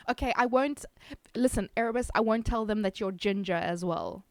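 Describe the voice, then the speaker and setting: A woman's voice: medium pitch, moderate pace, dry recording. A South African woman streamer chatting casually with her viewers, giggly and self-teasing. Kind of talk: casual chat reading viewer messages.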